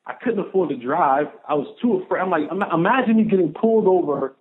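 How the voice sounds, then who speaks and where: A man in his thirties, a guest on a podcast, telling a personal story in an animated way and acting out the voices of the people in it. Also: high voice, fast. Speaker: podcast guest, former pro football player. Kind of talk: storytelling in an interview. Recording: narrow phone-like sound.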